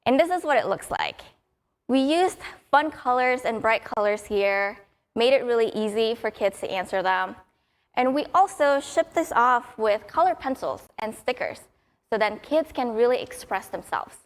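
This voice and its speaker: Young woman, conference speaker, upbeat storyteller, slightly higher voice. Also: animated, normal speed. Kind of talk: prepared conference talk.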